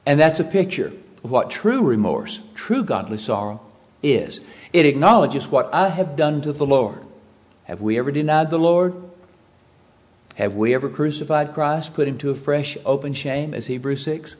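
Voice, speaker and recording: A man preaching a sermon, swinging between loud emphatic lines and quiet low asides. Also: lively intonation, normal speed.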